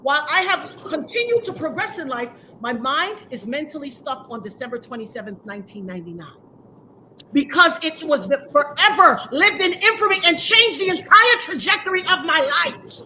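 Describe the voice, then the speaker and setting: Woman, very high voice, bright tone, defiant livestream rant, emphatic, preachy. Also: lively intonation, moderate pace, slight background noise.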